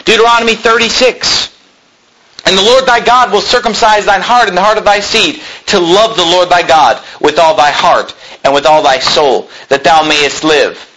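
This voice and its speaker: A middle-aged man preaching a sermon, reading scripture aloud and swinging between loud emphatic peaks and low asides. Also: moderate pace, a little hiss or hum, poor audio. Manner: reads scripture aloud in King James wording. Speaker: pastor.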